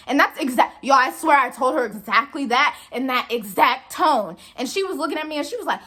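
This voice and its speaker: A young woman tells a work story straight to camera in a casual storytime. Her voice sits fairly high and bright, and it swoops animatedly as she vents in exasperation and fires off rhetorical questions. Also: expressive, quick pace. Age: young adult. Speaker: vlogger telling a work story.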